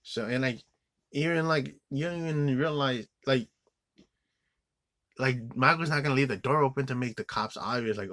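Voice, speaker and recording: A man's voice: mid-range voice, normal speed, pauses often, a bit bright, no room sound. A man giving an angry, profane movie review rant, rambling with many restarts and fillers. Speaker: film reviewer.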